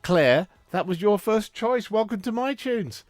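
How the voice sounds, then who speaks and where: A male radio presenter talks with his guests in a studio, chatty and upbeat. His pitch swings a lot as he speaks. The sound is dry and close. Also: animated, measured pace, no echo, soft background music. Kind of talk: friendly radio interview chat.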